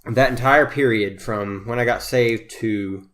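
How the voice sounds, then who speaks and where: A man's voice: medium pitch, measured pace, a bit bright. A young man co-hosting a podcast in an easygoing casual chat, asking questions and following up. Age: young adult. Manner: easygoing, interjects questions and backchannels. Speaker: podcast co-host. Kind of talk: casual conversation.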